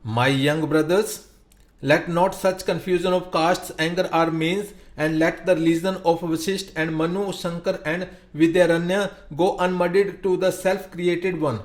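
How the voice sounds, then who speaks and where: Male reader voicing an elderly orator, solemn and preachy, slightly high pitch. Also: steady tone, measured pace. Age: older. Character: old traditionalist village man, orating.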